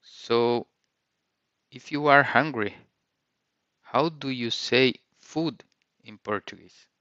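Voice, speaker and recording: A man's voice: medium pitch, slow, pushed and bright, no echo, highs cut off. A man teaching a vocabulary lesson, saying each word and repeating it with careful pronunciation. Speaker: language teacher.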